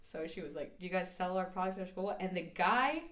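A woman's voice: on the low side, lively intonation, brisk, fairly bright tone, roomy sound. A young adult woman co-hosting a podcast, telling a story in casual chat with laughs and mimicked quotes. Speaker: podcast co-host.

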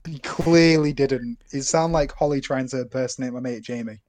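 A man's voice: medium pitch, normal speed, darkish tone. A young man in casual chat, trading dry teasing banter as a podcast co-host.

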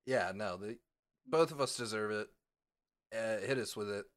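A man's voice: lowish voice, moderate pace. A man co-hosting a podcast in casual chat, laid-back and jokey, swearing freely. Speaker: podcast co-host.

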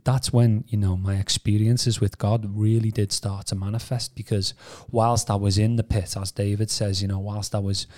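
Rambling man with low voice. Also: little pitch movement, moderate pace, hardly any pauses, warm tone. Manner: rambling, many restarts and "you know" fillers. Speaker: podcast co-host. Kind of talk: casual personal testimony.

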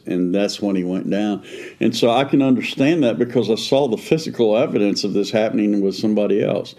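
A man's voice: fairly low pitch, normal speed, dark tone. A man co-hosting a faith podcast, talking in an earnest, conversational way with frequent restarts. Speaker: pastor and podcast co-host.

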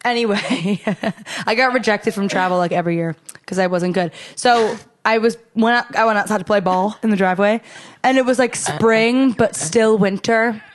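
A young woman in casual chat, telling stories in an animated way, swearing and acting out what people said. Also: mid-range voice, normal speed. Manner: animated storyteller, swears, acts out quotes.

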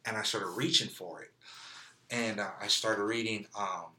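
Telling his story openly as an interview guest, this Californian fills his casual testimony with "like" and "you know." He speaks at a moderate pace in a lowish voice that is steady, bright, and forceful.

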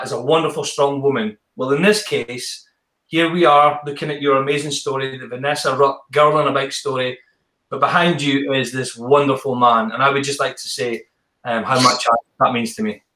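A man's voice: medium pitch, bright, forceful tone, echoey room, low-quality recording. A man hosting an interview, effusive and enthusiastic, often restarting his sentences. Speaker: podcast host. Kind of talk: casual interview chat.

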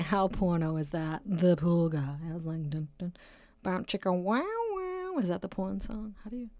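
A woman podcaster from Massachusetts talks in a loose, rambling way, swearing and joking as she goes. Her voice sits fairly low for a woman. The recording is dry and close, with no room sound. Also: dark tone, no echo. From Brockton, Massachusetts, USA. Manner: rambling, profane and jokey. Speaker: podcast host; nurse. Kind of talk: casual solo podcast chat.

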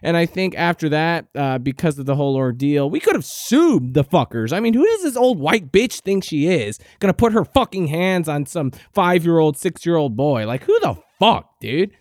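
Male comic host, rambling profane storyteller, deadpan, pitched a bit high, dry booth sound. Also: moderate pace, hardly any pauses, dry recording. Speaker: podcast host. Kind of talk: comedic storytelling monologue.

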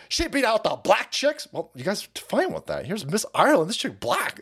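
A male livestream host rants crudely and sarcastically, cursing freely and mocking people with quick put-on voices. His voice sits somewhat high for a man, and his pitch swings a lot from line to line. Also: wildly swooping pitch, slightly rough. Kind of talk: ranting livestream commentary.

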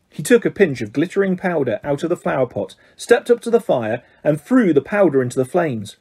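Male reader, husky and mellow, very lively pitch, expressive storybook narration. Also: fairly quick, few pauses. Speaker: audiobook reader. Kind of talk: storybook reading.

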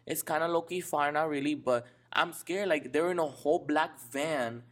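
Animated young man. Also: on the high side, moderate pace. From Dominican Republic. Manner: animated, slangy, says "bro" often. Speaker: podcast co-host. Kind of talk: casual storytelling chat.

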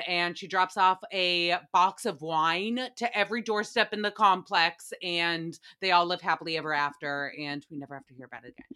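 A young woman hosting a casual recap podcast, animated, profane and giggly as she talks. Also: on the high side. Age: young adult. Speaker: podcast host.

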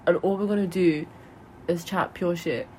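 A young woman co-hosting a podcast in casual chat, chatty and quick to laugh, swearing freely. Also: lowish voice, steady tone, darkish tone, a little hiss or hum. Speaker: podcast co-host.

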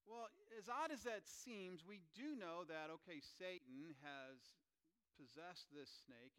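A male pastor preaching to a live congregation with a bright, crisp, resonant voice set a little high. He keeps the sermon animated, tossing questions out to the pews and teasing people in the room. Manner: animated, asks the congregation questions and jokes with them.

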